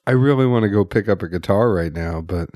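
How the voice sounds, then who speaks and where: A man's voice: low-pitched, no echo, clean studio sound. Man arguing in casual podcast banter. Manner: animated, argumentative, quick asides. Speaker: podcast co-host.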